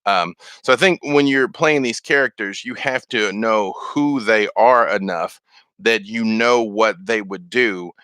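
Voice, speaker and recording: A man's voice: on the low side, a little slow, fairly bright tone, clear, resonant tone, dry recording. A man answering viewer questions on a casual live stream, rambling with many fillers and restarts. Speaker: streamer and game master.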